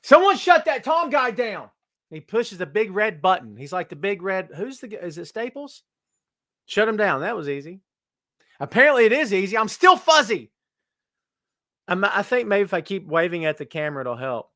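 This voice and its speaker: A man's voice: sits high, big pitch swings, normal speed, sharp tone, no room sound, clean studio sound. A man hosting a live wrestling talk stream, chatting casually and teasing while he greets viewers by name.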